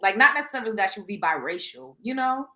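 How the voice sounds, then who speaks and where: A young woman hosting a casual podcast chat, animated, laughing often and swearing casually. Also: mid-range voice, fast, rough recording. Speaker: podcast host.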